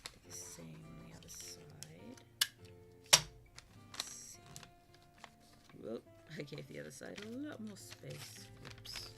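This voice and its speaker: A woman's voice: sits low, sing-song, slow pace, gravelly, pauses often, loud music behind the voice. A young woman streamer chatting casually late at night while wrapping gifts, sleepy and yawning, often dropping to a half-whisper and teasing herself.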